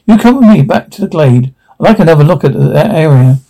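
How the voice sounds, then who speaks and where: A steady male starship captain, read aloud by a man in a halting, unpolished delivery. His voice is slightly high, gravelly and mellow. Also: rough recording. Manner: plain, halting script reading.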